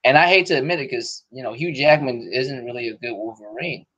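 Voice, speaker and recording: A man's voice: medium pitch, a little fast, fairly bright tone. A man hosting a casual podcast chat, talking in loose slang with plenty of cursing and frequent laughter. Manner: profane, slangy, laughs often. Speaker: podcast host. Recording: dull lo-fi podcast audio.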